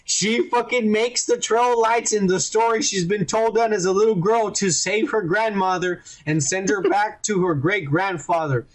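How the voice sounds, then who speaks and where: A man hosting a podcast, retelling a TV episode in a casual, rambling, profane way and putting on quick voices for the characters. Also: high-pitched. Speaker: podcast host reviewing a TV episode.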